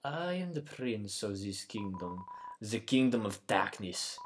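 A man reading game dialogue aloud as a gentle, solemn young prince of darkness, putting on a bad French accent. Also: mid-range voice, animated, unhurried, very noisy, natural voice. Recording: game music playing clearly behind.

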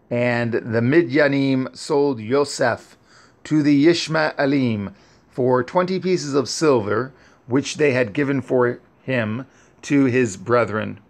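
Slow, solemn man reading scripture. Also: medium pitch. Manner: measured, solemn, pausing often. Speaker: scripture reader.

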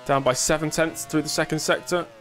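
A man's voice: on the high side, steady tone, a little fast, a bit bright, faint music behind. Chatty man streaming a race game. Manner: chatty, answering viewers casually; dry self-mocking humor. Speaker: sim racing streamer. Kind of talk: live gameplay commentary.

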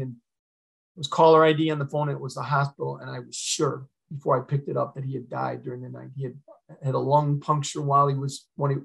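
A man's voice: fairly high pitch, vocal fry, rough recording. A middle-aged man, a retired fire chief, telling a candid and emotional personal story to an audience.

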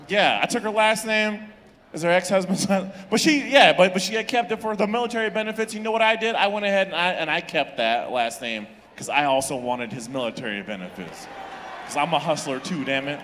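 A young man doing a crude stand-up set in a comedy club, animated and laughing at his own jokes. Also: sits high, a little fast, a little hiss or hum. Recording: reverberant club from the room.

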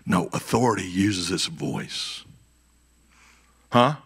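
A man preaching a conference sermon as pastor, swinging between shouted peaks and hushed, quiet passages. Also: low voice, lively intonation, slow, gravelly, slightly rough. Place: church conference stage.

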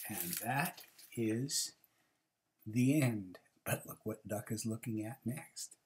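A woman reading a picture book aloud, pausing for chatty asides to young listeners. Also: a bass voice, expressive, darkish tone, slight background noise. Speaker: reader.

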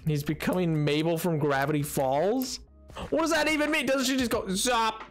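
A man's voice: high voice, animated, normal speed, faint music behind. A man streaming a game, chatting casually with viewers, joking at his own expense and laughing often.

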